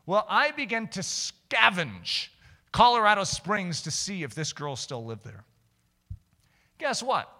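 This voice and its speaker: Man preaching with wild pitch swings. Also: big pitch swings, normal speed. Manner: storytelling, swinging between hushed asides and shouted climaxes. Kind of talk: sermon. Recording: long hall reverb.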